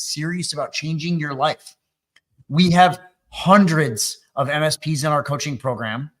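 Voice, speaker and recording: A man's voice: fairly high pitch, fairly bright tone. A man from Wisconsin hosting a business coaching webinar, talking loosely and joking with fillers. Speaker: webinar host and MSP coach. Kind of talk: energetic webinar talk.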